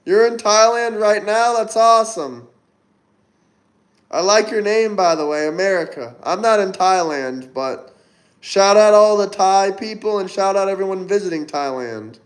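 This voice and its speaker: A man hosting a casual livestream, reading viewer comments aloud and giving upbeat, chatty shout-outs. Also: high-pitched, a little slow. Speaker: livestream host. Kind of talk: casual live-stream chat reading comments.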